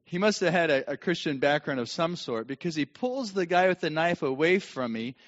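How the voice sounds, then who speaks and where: A middle-aged man preaching a sermon and telling a personal story, dramatic and swinging from hushed tones to shouting. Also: a little high, lively intonation, a little fast. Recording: long hall reverb, dull lo-fi sound.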